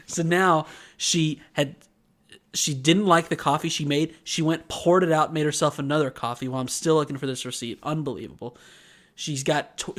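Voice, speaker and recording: A man co-hosting a podcast, chatting casually and telling a story with lively acted-out voices. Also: fairly high pitch. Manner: animated storyteller, acts out quoted voices. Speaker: podcast co-host.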